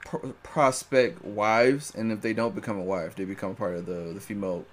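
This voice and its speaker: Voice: sits low, steady tone, moderate pace. A podcast co-host in casual chat, chiming in with facts and hesitant uhs.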